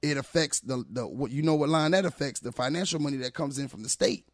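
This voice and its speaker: A man's voice: medium pitch, fast, dry recording, clean studio sound. Emphatic male teacher telling stories. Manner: emphatic, animated storyteller. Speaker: teacher guest. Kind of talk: casual podcast conversation.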